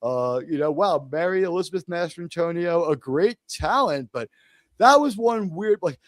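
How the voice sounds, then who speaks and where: A man from the United States hosts a casual panel stream, talking in an animated, jokey way with big theatrical emphasis. His voice sits high for a man, and the sound is close and dry, with no room around it. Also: normal speed, no room sound. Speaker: host.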